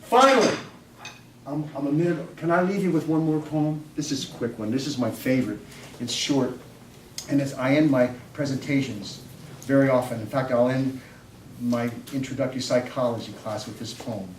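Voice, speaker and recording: A man, a psychology professor, giving an animated storytelling lecture to an audience, swinging between loud bursts and quiet asides. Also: mid-range voice, moderate pace, slight background noise. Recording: roomy hall, distant microphone.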